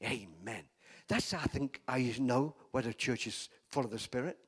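A man's voice: medium pitch, expressive, normal speed, a bit bright, husky. A man preaching a sermon in a church, emphatic and calling for amens from the congregation. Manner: emphatic, call-and-response preaching.

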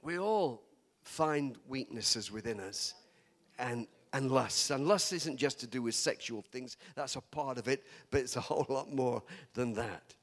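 A man's voice: medium pitch, a little slow, fairly bright tone. An older man from England, preaching a chatty sermon full of stories, laughing often and teasing his listeners.

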